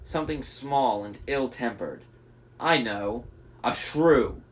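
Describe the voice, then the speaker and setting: A man's voice: medium pitch, slow, a little hiss or hum, close to an everyday voice. A man reading aloud voices a vain, haughty sorceress woman in a theatrical, mocking way.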